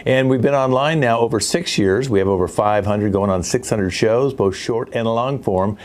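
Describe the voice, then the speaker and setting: An older man with a mid-range voice hosts a live online improv show at normal speed, rambling a bit and tossing in dry asides. He's heard through a video call mic.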